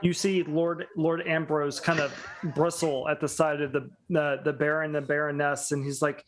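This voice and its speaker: A man narrating a tabletop game as game master, in halting, improvised speech. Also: a little high, little pitch movement, rough recording.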